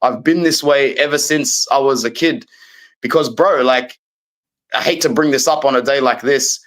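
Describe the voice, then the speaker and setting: A man's voice: mid-range voice, moderate pace, a bit bright, rough recording. A man, a guest in a casual football chat, talking with passion and rambling on. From Australia.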